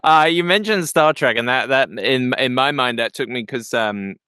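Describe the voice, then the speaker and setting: A man's voice: mid-range voice, normal speed, pushed and bright, clear, resonant tone, dry recording, clean studio sound. A man hosting an interview, chatting casually and affirming his guest with enthusiasm. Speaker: podcast host.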